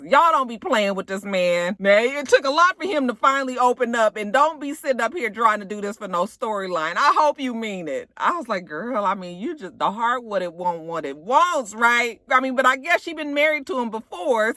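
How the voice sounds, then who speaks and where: A woman giving a casual, blunt and profane recap of a reality show, animated and laughing often. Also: on the high side, brisk, hardly any pauses, no echo, studio quality.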